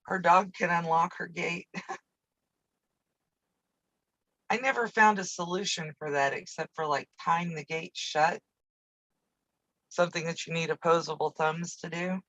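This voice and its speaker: A woman's voice: on the low side, steady tone, unhurried, long pauses, fairly bright tone, dry recording, low-quality recording. A woman hosting a casual live quilting stream from her home sewing room, chatting in a rambling way with easy asides while she works, picked up by a camera on a video-call setup. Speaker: quilting channel host.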